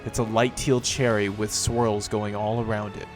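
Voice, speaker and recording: A man with a fairly low voice, narrating as game master in a measured, dramatic way. Faint music plays beneath his narration. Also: level tone. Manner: measured, dramatic scene-setting.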